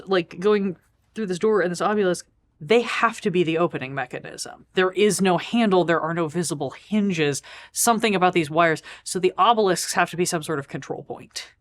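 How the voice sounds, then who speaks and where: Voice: medium pitch, normal speed. A game master narrating a tabletop game in a loose style full of fillers.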